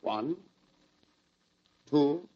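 An actor playing a menacing foreign-accented gambler villain in an old radio drama, smooth and deliberate. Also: male voice, on the high side, animated, dark tone, exaggerated voice. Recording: dull lo-fi old radio recording.

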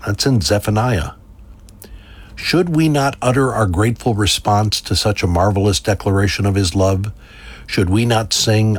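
Low husky guy preaching slow and solemn, measured devotional reading.

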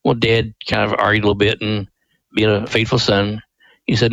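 A man's voice: fairly low pitch, brisk, vocal fry, fairly bright tone, no echo, low-quality recording. An older man from Missouri and a guest on a Christian radio show tells his family's ministry story in an earnest, devout, folksy way. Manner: earnest, devout, acts out quoted voices.

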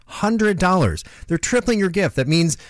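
A man's voice: high-pitched, very animated, normal speed, dry recording, clean studio sound. A man co-hosting a live radio pledge drive, explaining a matching gift in a friendly way. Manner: friendly, explanatory, repeats phone number and web address. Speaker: radio co-host. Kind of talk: live radio fundraising appeal. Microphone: studio microphone.

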